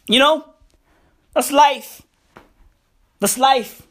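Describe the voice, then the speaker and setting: A woman's voice: fairly high pitch, animated, slow pace, a bit bright. A woman hosting her podcast alone, ranting with heavy swearing, sarcasm and a lot of repetition. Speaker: podcast host. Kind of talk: casual solo podcast rant.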